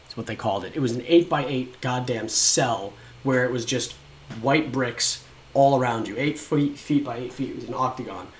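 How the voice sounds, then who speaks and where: A man's voice: medium pitch, normal speed. A young man casually telling his own life story, rambling and frank, swearing often and acting out what people said.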